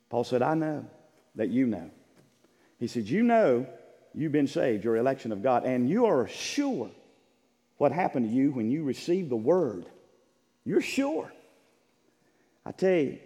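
A man preaching a sermon in an emphatic, repetitive style with bursts of shouting. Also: medium pitch. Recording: church sanctuary with long reverb.

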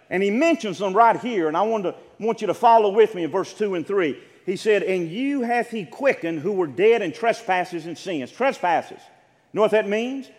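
A male pastor preaches with a high, ringing voice, stretching out key words and rising to shouts. He calls questions out to his congregation, and the sound carries the long reverb of a large church hall. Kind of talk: sermon.

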